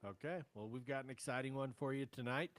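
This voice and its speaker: A man's voice: medium pitch, fast talker, no room sound. A man hosting a podcast in casual chat, hesitant with lots of fillers. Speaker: podcast host.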